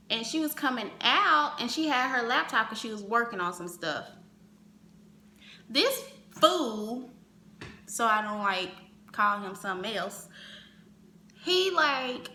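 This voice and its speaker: A woman telling a personal story in casual vlog fashion, animated, acting out the other people's lines as she goes. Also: fairly high pitch, slight background noise. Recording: roomy echo.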